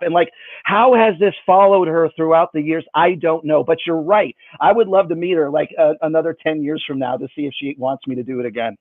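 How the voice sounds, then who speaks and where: A man, a magician, telling a story in an animated, jokey way. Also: on the high side, a little fast, dry recording. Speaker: magician, guest. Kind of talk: casual storytelling. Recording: dry, tinny phone-like line.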